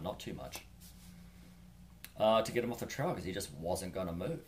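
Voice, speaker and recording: New Zealand man, deep voice, laid-back wry storyteller, faint hiss in the background. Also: lively intonation, normal speed, darkish tone. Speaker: hiker vlogger. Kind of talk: casual storytelling.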